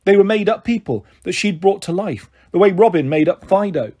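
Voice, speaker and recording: A man narrating a children's book with a husky, somewhat breathy voice. His pitch sits a little high and moves around a lot. He reads with expression in the first person. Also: lively intonation, fairly quick, a little mellow. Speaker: storyteller. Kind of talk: reading a children's novel aloud.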